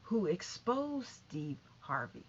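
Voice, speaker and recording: A woman's voice: fairly low pitch, sing-song, slow, muffled recording, slight background noise. A woman vlogging casual celebrity gossip in a chatty, catty way, full of asides and repeated no's.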